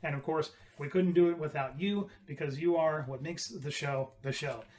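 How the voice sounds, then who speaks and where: A man hosting a casual podcast show, energetic and teasing, often restarting his sentences. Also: on the high side, normal speed. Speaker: radio show host.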